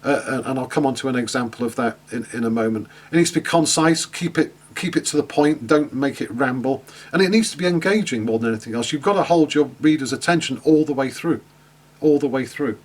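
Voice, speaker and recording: A man's voice: mid-range voice, fairly quick. A man teaching an online class in a chatty way, with many fillers and restarts, asking his students questions. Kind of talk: online lecture.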